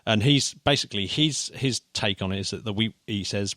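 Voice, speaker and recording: Male podcast host, excitable, chatty, dry close mic. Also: fairly low pitch, fairly quick, few pauses, no room sound. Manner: animated, laughing easily, many restarts. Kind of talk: casual chat.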